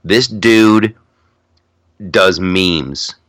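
Casting: middle-aged male podcast host, low and bright, dry close sound, rambling and restarting. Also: drawn-out words, dry recording. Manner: rambling, laughs a lot, many restarts. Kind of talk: casual chat.

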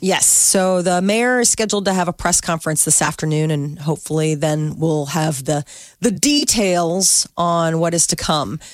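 A woman's voice: deep voice, normal speed, no room sound. A chatty woman co-hosts a morning radio show. She reads out the news in easy, casual banter and laughs readily. Her voice sits close and dry on the mic.

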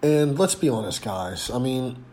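A man's voice: medium pitch, animated, a little slow, dark tone. A man hosting a sports podcast, congested and nearly voiceless, talking casually with frequent ums and restarts. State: congested, losing his voice. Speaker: podcast host.

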